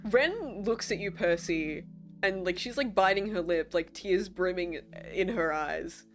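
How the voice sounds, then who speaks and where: A woman's voice: lowish voice, measured pace, soft background music. A woman narrating a tabletop role-play game as game master, in a casual, filler-heavy way.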